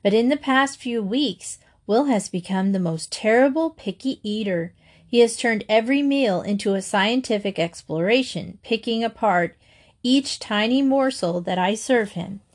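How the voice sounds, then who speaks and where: A woman's voice: on the high side, normal speed, natural voice. A woman reading aloud and voicing a worried, exasperated mother in a storybook. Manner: fretful, exasperated. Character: worried mother of a picky-eating boy.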